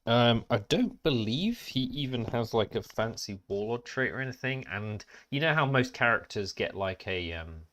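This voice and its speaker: A man's voice: mid-range voice, lively intonation, moderate pace, few pauses, fairly bright tone. A man co-hosting a podcast, talking casually and bluntly with a lot of swearing. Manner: blunt, sweary, complaining about game rules. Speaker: podcast co-host. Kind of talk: casual chat.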